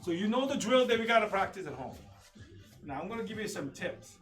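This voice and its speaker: A man teaching a live online taekwondo class, calling kick counts and drills with sharp shouts. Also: sits high, sing-song, brisk, distant mic, faint music behind. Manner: coaching commands, loud kiai shouts. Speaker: taekwondo instructor. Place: training studio.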